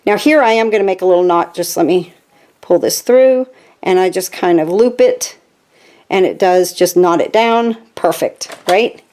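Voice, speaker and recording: A woman in her sixties with grandchildren, a craft channel host chatting casually while she works, animated and full of "okay?" asides. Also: fairly low pitch.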